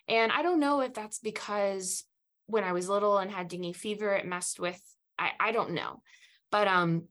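A woman's voice: mid-range voice, fairly bright tone. Woman from southeast asia telling her faith story, earnest and reflective, lots of restarts. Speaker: podcast guest. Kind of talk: personal testimony storytelling.

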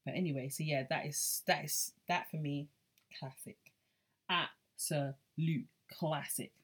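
A woman with a low, husky voice talking through her favourite songs on her podcast. She is chatty and loose, slipping from one accent to another as she goes. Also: steady tone, unhurried. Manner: chatty, drifts between accents. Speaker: podcast host. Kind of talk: casual music chat.

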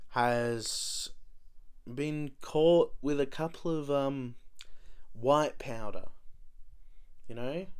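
A man's voice: medium pitch, clear, resonant tone. A man hosting a podcast, ranting casually with lots of swearing, rambling and stumbling restarts. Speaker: podcast host. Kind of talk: casual rant.

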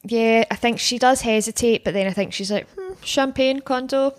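A woman's voice: on the high side, fairly even intonation, a little fast. A woman co-hosting a casual podcast, recapping episodes in a chatty, wry way with frequent laughs. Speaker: podcast co-host.

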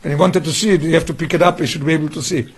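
A man's voice: a little high, fairly even intonation, racing, husky. A man teaching a Torah study class, often asking the students questions and restarting his phrases.

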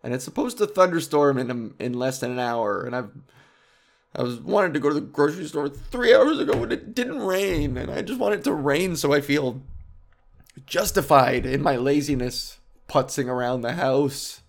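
Male comedian, loose profane solo riffing, rambling and animated. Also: fairly high pitch, moderate pace, gravelly. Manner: rambling, animated, profane, jumps between topics. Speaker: comedian podcast host. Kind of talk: casual comedic monologue.

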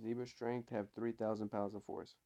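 A man's voice: lowish voice, flat delivery, moderate pace, warm tone, no echo. A man co-hosting a podcast, brash and profane, throwing out questions in casual chat. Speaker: podcast co-host.

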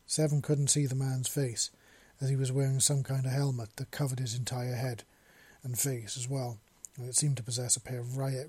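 A man reading fan fiction aloud in a plain, steady voice with small slips. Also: mid-range voice, husky. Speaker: narrator.

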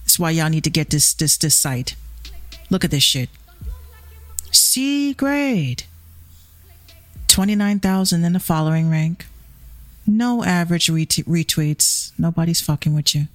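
A woman's voice: deep voice, moderate pace, dry recording. A woman with a Bronx accent hosting her show, ranting with heated, profane, confrontational energy. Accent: Bronx New York. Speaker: show host. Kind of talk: ranting commentary vlog.

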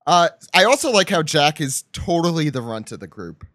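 Male host, lively casual recap talk, slightly high voice. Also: normal speed, no echo, studio quality. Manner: animated, joking, reads character lines aloud. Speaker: podcast host. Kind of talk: casual chat recapping a manga chapter.

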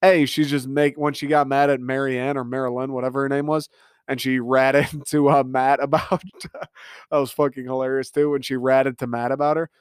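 A man's voice: medium pitch, flat delivery, moderate pace, smooth, dry recording, clean studio sound. Exasperated man ranting on a podcast. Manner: exasperated, profane, incredulous ranting. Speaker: podcast host. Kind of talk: casual podcast rant. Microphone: podcast microphone.

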